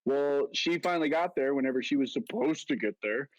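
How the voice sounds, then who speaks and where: A man's voice: mid-range voice, a little fast, no echo, highs cut off. A young man co-hosting a podcast, telling stories in casual chat and acting out what people said. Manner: animated, acts out quotes in a raised voice. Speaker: podcast co-host.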